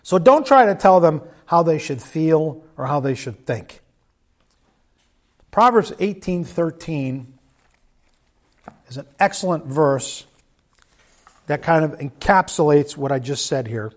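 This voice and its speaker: Middle-aged male preacher, fairly high voice, measured and earnest delivery. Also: expressive. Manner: measured, earnest, with quoted asides. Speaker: pastor. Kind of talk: sermon.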